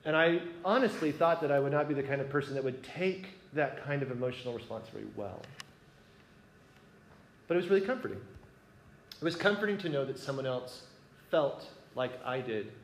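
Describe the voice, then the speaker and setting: Speaking briskly with lively intonation in a mid-range voice, this man tells a group an earnest story from his own life, keeping it conversational and frequently checking that they follow. Slight background noise sits in an echoey room with faint ambience.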